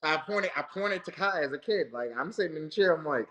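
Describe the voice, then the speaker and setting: A man's voice: fairly high pitch, lively intonation, fairly quick, hardly any pauses, bright, forceful tone. A man, a wrestling coach and podcast guest from Southern California, telling stories in a loose, profane, laughing way full of fillers. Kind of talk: casual interview chat.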